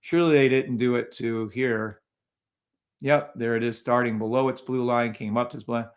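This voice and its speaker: A man's voice: medium pitch, steady tone, normal speed. A man hosting a live trading stream, talking casually over charts and greeting viewers in the chat, often sounding incredulous.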